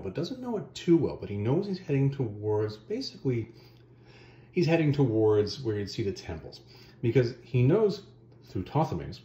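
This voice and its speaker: A man casually retelling a comic story as a reviewer, animated and slangy, with offhand asides. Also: medium pitch, echoey room, lo-fi sound, a little hiss or hum.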